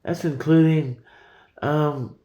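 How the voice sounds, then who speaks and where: A man's voice: a little high, fairly even intonation, takes it slowly, mellow, echoey room, lo-fi sound. A man in his forties talking in a rambling, profane monologue with frequent stammered repetitions. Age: 40s.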